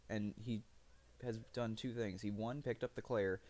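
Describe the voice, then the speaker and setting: A man's voice: lowish voice, steady tone, normal speed, darkish tone. A man streaming live, rambling through profane, self-mocking commentary as he plays.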